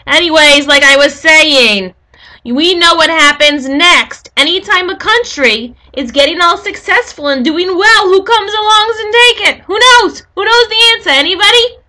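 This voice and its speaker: A woman's voice: very high-pitched, moderate pace, pushed and bright. A woman giving a casual, rambling history lesson, full of jokey asides to her viewers. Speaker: history video host.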